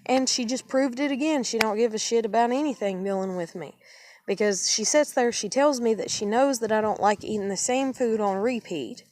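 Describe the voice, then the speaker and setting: A woman's voice: medium pitch, darkish tone, dry recording. A woman venting at length in a casual video monologue, angry and swearing freely. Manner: angry, profane ranting. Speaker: vlogger. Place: living room at home.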